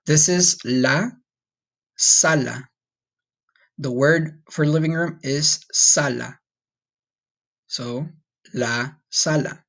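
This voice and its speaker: Man, spanish teacher, recorded online lesson, patient slow drills, cheerful asides. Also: fairly high pitch, fairly bright tone.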